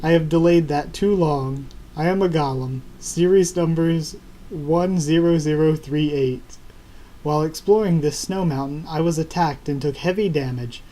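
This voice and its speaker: A man's voice: a little high, normal speed, dark tone, natural voice, rough recording. A man reading out a stiff male stone golem that talks in formal, clipped machine speech, in a voice close to his own.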